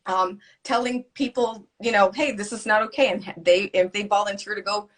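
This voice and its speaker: A woman guest in a casual conversation, telling her story in an animated way and swearing freely. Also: mid-range voice, moderate pace.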